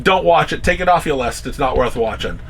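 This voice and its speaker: Chatty man with a bright voice. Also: a little high, animated, brisk, vocal fry, slight background noise. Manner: rambling, with many restarts and acted-out quotes. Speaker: comic shop owner and podcast host. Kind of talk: casual chat.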